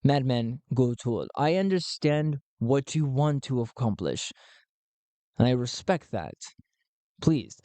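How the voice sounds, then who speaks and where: A man doing a formal male diplomat, low voice, slow, dry recording. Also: warm tone, dry recording. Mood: calm. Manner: measured, formal, deep and slow.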